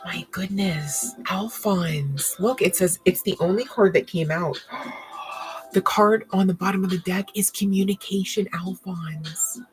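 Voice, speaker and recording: A woman giving live tarot readings to viewers, excitable and thinking aloud as she turns cards. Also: lowish voice, unhurried, hardly any pauses, music in the background, rough recording. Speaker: tarot reader.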